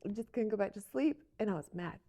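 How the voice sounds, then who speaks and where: A woman, a coffee shop owner, telling a story in a casual interview, animated and acting out dialogue. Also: mid-range voice, fast talker, crowd noise.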